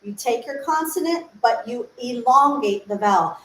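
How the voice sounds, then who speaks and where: A woman's voice: a little high, expressive, normal speed, hardly any pauses. A woman voice teacher giving an informal livestream lesson, explaining patiently, asking rhetorical questions and demonstrating sung syllables. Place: room, solo livestream. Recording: echoey room, faint ambience.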